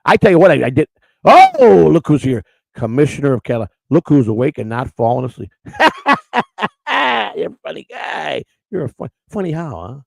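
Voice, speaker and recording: A man's voice: mid-range voice, sing-song, fairly quick, gravelly, a little mellow, no room sound, poor audio. A man co-hosting a live-streamed morning show, chatting in a crude, rambling way, repeating words and greeting people in the chat.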